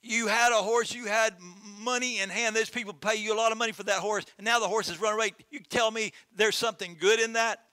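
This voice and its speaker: Brief: preacher putting on loud, quick-to-judge villagers, high and emphatic. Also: male voice, fairly even intonation, smooth, dry recording. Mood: mocking. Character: excitable village neighbors, adult men and women.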